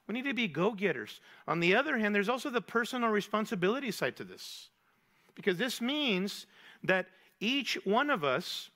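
Emphatic high-voiced male pastor preaching. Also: bright, forceful tone. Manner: emphatic, repeats key words, asks the room questions. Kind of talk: sermon at a men's Bible study. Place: church meeting room.

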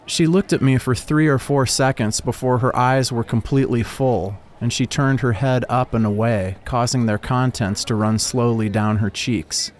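A man narrating a first-person story in a calm, reflective way. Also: mid-range voice, moderate pace, few pauses, a little hiss or hum.

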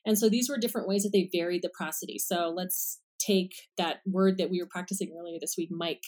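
A woman's voice: on the low side, fairly even intonation, fast, a little mellow. Woman clinician, podcast guest: casual, friendly step-by-step explainer. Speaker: speech-language pathologist guest.

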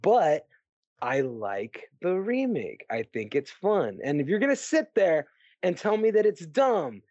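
A man co-hosting a podcast, chatting casually about movies in an animated, ranting way and swearing freely. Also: on the high side, a little slow, no echo. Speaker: podcast co-host. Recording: dry, dull lo-fi sound.

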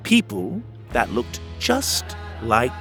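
A man hosting and narrating a children's adventure story in an expressive read-aloud manner. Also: medium pitch, slow pace, music in the background. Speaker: storyteller and podcast host.

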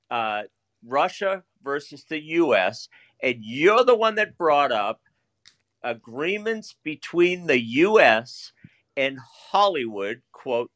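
Heated male debate host, bright and lively, profane, talks over people. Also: medium pitch, no room sound.

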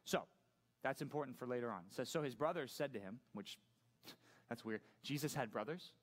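A man's voice: mid-range voice, normal speed. A man preaching as a youth pastor in a casual, conversational way, often asking the listeners questions. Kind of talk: sermon to a youth audience.

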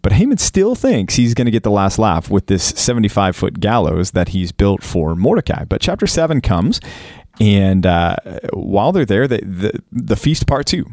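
A man co-hosting a Bible podcast, retelling the story in a relaxed, chatty way with fillers. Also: lowish voice, normal speed, few pauses, no room sound, studio quality. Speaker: podcast co-host. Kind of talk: casual Bible study chat.

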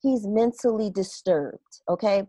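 Woman, mid-pitched, earnest and animated storyteller, close dry recording. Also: a little slow, no room sound. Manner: animated, acts out her own inner reactions; earnest and reflective. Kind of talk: casual conversational storytelling.

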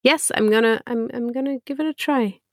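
A woman hosting a podcast, speaking in a casual chat and warmly appreciative of her guest. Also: on the high side, a little fast, no echo, studio quality. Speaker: podcast host.

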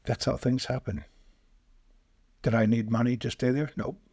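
A man, a spiritual healer, speaking as a podcast guest and telling lively anecdotes, acting out the quoted voices. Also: medium pitch, normal speed, slightly rough, no echo. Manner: animated anecdotes, acts out quoted voices, chuckles often. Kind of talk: casual storytelling interview.

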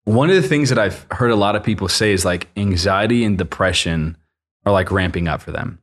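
Chill podcast host guy, lowish voice, friendly and upbeat, says like a lot. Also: a little fast. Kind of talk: casual conversation.

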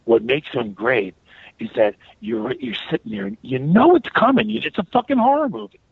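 A deep-voiced man tells a story in casual conversation, his tone husky and rough with fry. His pitch swings widely as he gets animated, and he often restarts phrases. The sound is dry and a little dull, with faint music behind. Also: moderate pace, no echo. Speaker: guest, actor.

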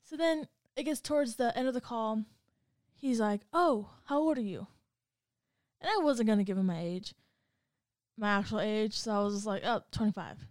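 Animated woman telling a story. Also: a little high, moderate pace, no echo, clean studio sound. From Hispanic background. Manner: animated, acts out quoted dialogue. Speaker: podcast co-host. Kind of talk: casual chat, storytelling.

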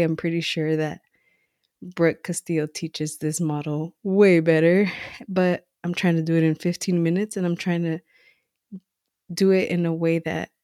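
A woman hosting a casual self-coaching podcast from home late at night, talking softly and a little out of breath, chatty and relaxed with lots of "like" and "right". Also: low-pitched, no echo, clean studio sound. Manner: chatty, conversational, laughs often, says "like" and "right"; speaking softly to keep quiet. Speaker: podcast host.

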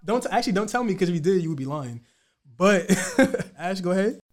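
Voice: mid-range voice, expressive, fast. A podcast co-host talking casually, hype and slangy, often laughing.

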